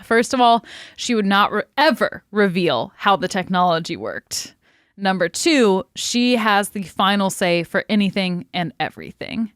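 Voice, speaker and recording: A woman's voice: mid-range voice, expressive, measured pace, a bit bright, clear, resonant tone, no room sound, studio quality. A young adult woman co-hosting a podcast, telling a story in casual chat, blunt, laughing often and swearing freely. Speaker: podcast co-host.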